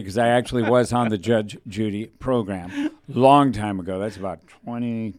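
A man's voice: on the low side, fairly even intonation, normal speed. A man telling a long rambling anecdote in casual chat, acting out the voices of people in the story. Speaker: radio host.

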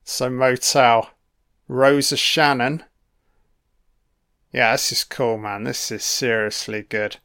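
A man's voice: mid-range voice, fairly even intonation, slow pace, long pauses, bright, forceful tone, smooth. A man giving a casual, sweary and sarcastic commentary on a film.

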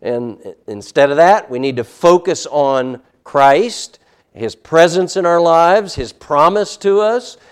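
Man teaching Sunday school, fairly high voice. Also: lively intonation, takes it slowly, clean tone. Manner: conversational, frequent "all right?" check-ins, emphatic on scripture. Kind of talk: Bible lesson.

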